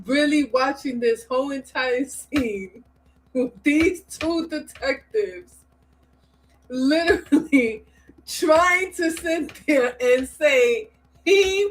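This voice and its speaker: A woman's voice: high voice, animated, slow pace. A woman co-host in casual chat, teasing and bossy, who drops Spanish words into her speech.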